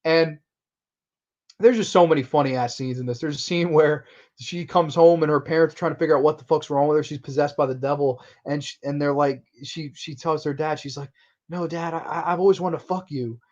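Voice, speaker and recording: A man hosting a casual horror movie review, excitable and profane, often laughing. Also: fairly high pitch, a little fast. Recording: muffled lo-fi recording.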